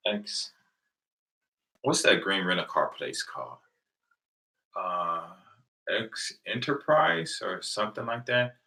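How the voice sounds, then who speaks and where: Low-voiced man in his thirties rambling. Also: sing-song, takes it slowly, gravelly, pauses often, bright, forceful tone. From United States. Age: 30s. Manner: rambling storyteller, laughs often. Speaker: livestream host. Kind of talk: casual late-night chat with viewers. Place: home, late at night.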